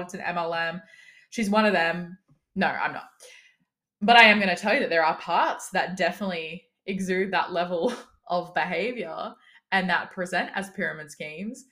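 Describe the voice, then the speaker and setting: Woman, podcast coach, casual monologue, candid, cheeky, slightly low pitch. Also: sharp tone. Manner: candid, cheeky, laughs often while talking; emphatic, swears casually. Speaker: business coach and podcast host.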